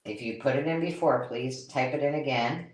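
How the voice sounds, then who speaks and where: A woman hosting a live-stream craft sale, chatty and excitable, counting items aloud as she shows them. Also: rumbling low, moderate pace. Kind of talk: casual live-stream selling chat.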